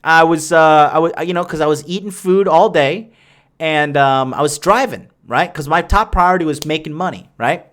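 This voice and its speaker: A man's voice: a little high, moderate pace, fairly bright tone. A young man hosting a podcast, talking crudely and boastfully in a rambling casual monologue. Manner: rambling, with many fillers and restarts. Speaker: podcast host answering listener questions.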